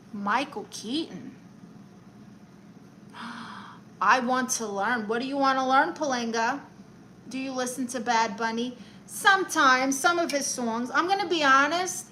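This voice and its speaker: A woman with a New York accent chats her way through a livestream like a sassy, theatrical aunt. Her voice rides a little high and rings bright and forward. She reads out viewer comments and calls everyone honey. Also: a little hiss or hum. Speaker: livestream host giving advice. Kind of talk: casual livestream chat reading comments.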